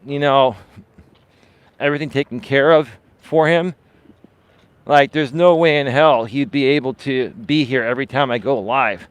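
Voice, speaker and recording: Male coach ranting unscripted to his live viewers, mid pitch, dry sound, dismissive, leans on "right?". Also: clean tone, dry recording. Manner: dismissive, emphatic, keeps asking "right?"; repeats words for stress. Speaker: life and dating coach, live-stream host. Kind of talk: unscripted live-stream monologue.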